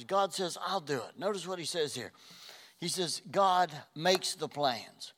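A man's voice: a little high, expressive, a little slow. Older man preaching in a reverberant hall. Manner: earnest, swings from hushed to loud. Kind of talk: sermon.

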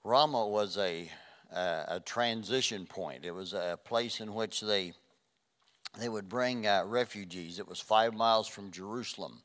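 A middle-aged man preaching a sermon, swinging between loud emphatic passages and soft, hushed ones. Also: on the low side, a little slow.

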